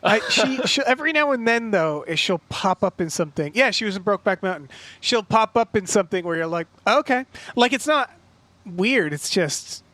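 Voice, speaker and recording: Guy hosting a podcast, high bright voice, dry close sound, keeps restarting sentences. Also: animated, dry recording. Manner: chatty, halting restarts. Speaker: podcast host. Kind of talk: casual chat.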